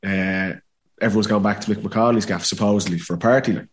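A man's voice: fairly low pitch, fairly even intonation, fast. A man in his thirties with a Dublin Irish accent, telling a casual story as a podcast guest, full of acted quotes and laughter. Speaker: podcast guest, former footballer.

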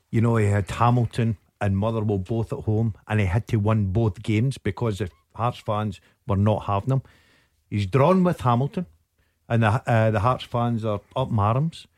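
A man's voice: lowish voice, a little mellow, dry recording. A man giving strong football opinions on a radio show. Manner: emphatic, opinionated. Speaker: football pundit. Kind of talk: casual sports radio chat.

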